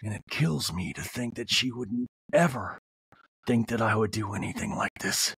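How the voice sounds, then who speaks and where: A man voicing a weepy middle-aged husband who mumbles hushed, wounded complaints. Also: lively intonation, normal speed, no room sound, heavily acted. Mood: aggrieved. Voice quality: low, hushed and breathy.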